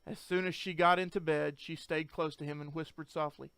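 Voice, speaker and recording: A man's voice: on the high side, fairly even intonation, brisk, vocal fry, fairly bright tone, clean tone, dry recording. A man narrating a story as an audiobook, reading earnestly and shifting into each character's voice.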